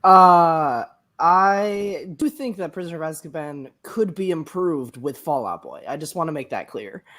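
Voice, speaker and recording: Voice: medium pitch, expressive, a little slow, a bit bright. A podcast panelist chatting casually and amused, laughing through lines.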